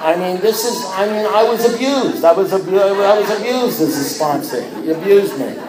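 A man shares his recovery story in a lively, self-mocking way, stumbling and restarting his sentences as he goes. His voice sits a little high for a man. The room around him rings with echo. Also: normal speed, crowd noise. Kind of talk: personal testimony to a group.

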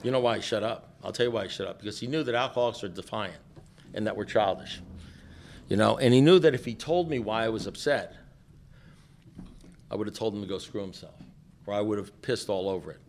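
A man's voice: lowish voice, a little fast, vocal fry, long pauses, a little hiss or hum. A middle-aged man speaking at a recovery meeting, telling stories in a joking, blunt and profane way, often restarting his sentences. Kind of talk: storytelling talk to a meeting.

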